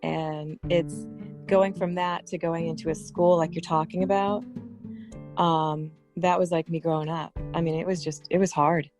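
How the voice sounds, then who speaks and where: A woman's voice: fairly low pitch, level tone, moderate pace, music in the background. A woman with a New York accent, talking earnestly as a podcast guest and telling stories about growing up. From New York area. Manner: earnest, talkative, storytelling. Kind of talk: casual conversation.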